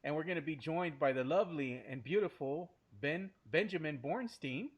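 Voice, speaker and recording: A man hosts a sports podcast from a studio, laughing and joking as he talks. His voice sits a little high for a man. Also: moderate pace, slightly rough. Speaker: podcast host. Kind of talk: casual sports podcast chat.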